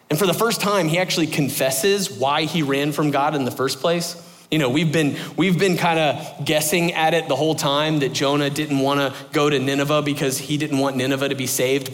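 A man's voice: mid-range voice, fairly bright tone. A man preaching a sermon in a loose, chatty style. He restarts his phrases often and fills the gaps with everyday filler words. His voice rings out with a long reverb through a church sanctuary. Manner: casual, conversational preaching with frequent fillers and restarts. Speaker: pastor.

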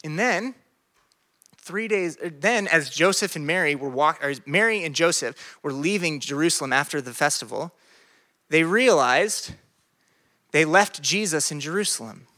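A male pastor preaching to young people in a loose, conversational way, full of jokes and quick asides. His voice sits a little high and rings bright. He swings between big, excited peaks and quiet, earnest stretches. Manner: animated, joking, conversational. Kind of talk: sermon to a youth group.

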